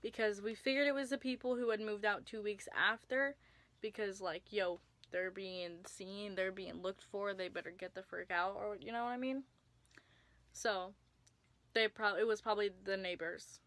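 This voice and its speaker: A woman's voice: mid-range voice, fairly even intonation, moderate pace, a bit bright, dry recording. A young woman telling a personal story to camera in a casual vlog, chatty with lots of filler words and sudden whispers for emphasis. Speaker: vlogger.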